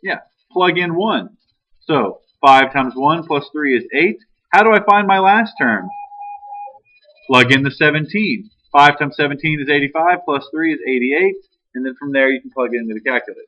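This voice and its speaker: A man's voice: fairly high pitch, lively intonation, normal speed. A male math teacher leading a classroom lesson, talking casually and teasing his students. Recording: dull lo-fi classroom recording.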